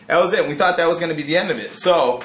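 Bright-voiced man saying "dude" a lot. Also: a little high, very fast, reverberant. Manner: animated, profane, says "dude" constantly. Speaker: band member telling a tour story. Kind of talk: casual storytelling.

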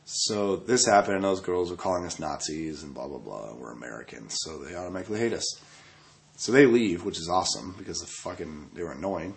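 A man's voice: deep voice, animated, a little fast. Laid-back, profane man telling a story. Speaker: band member telling a tour story. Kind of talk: casual storytelling.

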